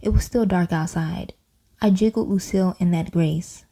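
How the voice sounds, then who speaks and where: Casting: a woman narrating a kids' storybook, playful and animated, with a low, deep, dark tone. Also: moderate pace, creaky. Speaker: audiobook reader. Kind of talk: children's storybook reading.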